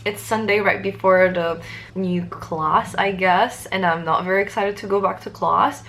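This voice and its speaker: A young woman from Morocco, an exchange student, chatting casually and excitedly to the camera with lots of fillers. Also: medium pitch, a little slow. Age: young adult.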